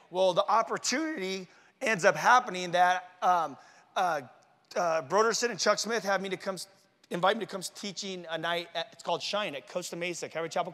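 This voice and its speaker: A man with a high, bright voice tells a sermon as a story at a conference. His talk is casual and full of slang, and he acts out what he said in the past. His voice rings through the long reverb of a large hall. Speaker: conference speaker.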